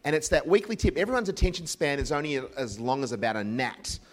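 An Australian man speaking to a live audience, his voice sitting fairly high. He tells stories in a jokey, self-deprecating way. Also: sing-song, fast. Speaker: ministry CEO and speaker. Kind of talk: live public talk with anecdotes.

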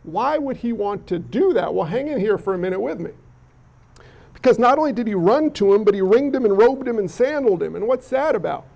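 A man's voice: high voice, animated, a little fast, gravelly, a little mellow, dull audio. A man preaching a sermon with allergy congestion, talking conversationally and asking the congregation questions. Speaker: pastor.

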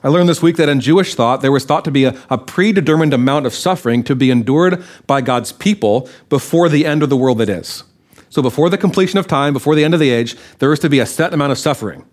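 A male preacher giving a sermon-style Bible teaching. His voice sits at an ordinary middle pitch. He keeps it conversational and often turns to ask his listeners questions. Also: lively intonation, fast.

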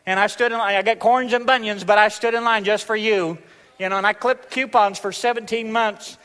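A man's voice: high-pitched, steady tone, brisk, bright, forceful tone, smooth, in a large hall, voice pushed up. A man with a Southern accent voicing a grudging gift-giver who complains about all the trouble he went to. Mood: whiny guilt-trip. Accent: Southern US (Arkansas). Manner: whiny, self-pitying, guilt-tripping.

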